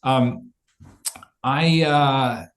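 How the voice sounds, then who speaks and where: A man actor in an interview, joking in a self-deprecating, halting way. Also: mid-range voice, reverberant. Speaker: actor guest. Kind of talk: video interview answers.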